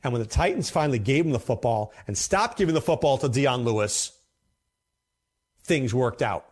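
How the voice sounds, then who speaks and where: A man hosting a fantasy football show, talking casually and emphatically, often repeating himself for effect. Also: fairly high pitch. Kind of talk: casual commentary to camera.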